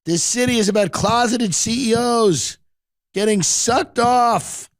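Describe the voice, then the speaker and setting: A man's voice: very high voice, voice pushed up, full character voice. Man doing a ranting cruel mayoral candidate. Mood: vicious. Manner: shouting, drawn-out, mock-rousing speech.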